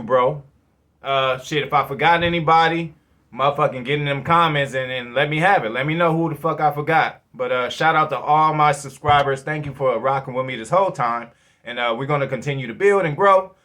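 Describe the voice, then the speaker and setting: A man in his thirties runs his own football fan channel, talking in a loose and rambling way with plenty of swearing. His voice sits a bit high and sounds bright and forward, and he keeps the casual commentary animated. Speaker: sports fan channel host.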